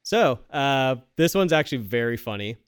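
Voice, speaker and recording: A woman's voice: extremely low pitch, sing-song, moderate pace, smooth. A woman co-hosting a casual podcast, reading odd news stories aloud and laughing along. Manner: laughing, shouting quoted lines for comic effect. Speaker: podcast co-host.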